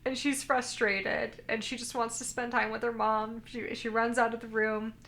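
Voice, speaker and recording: A podcast co-host recaps an anime in casual chat, retelling scenes and quoting the characters in her own voice. Her voice is a little high and a bit bright, with vocal fry and a flat delivery at normal speed.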